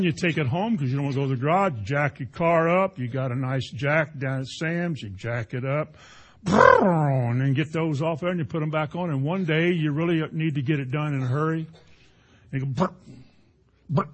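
Speaking at a normal speed in a slightly high voice, a man preaches a sermon in a conversational style. He tells homely tales in a folksy, animated way, adding playful sound effects.

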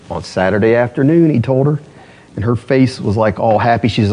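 A man preaching a sermon from the pulpit. His voice sits in the middle range, and it leaps up on the points he stresses. Then it sinks low and quiet when he tells a story. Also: a little fast, husky. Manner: animated preaching, rising high on emphasis, drops low to tell a story. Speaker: pastor.

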